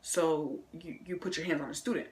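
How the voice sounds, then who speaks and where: A woman voicing a stern, serious male school principal who speaks low and hushed. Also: fairly even intonation, fairly quick, lightly acted, poor audio.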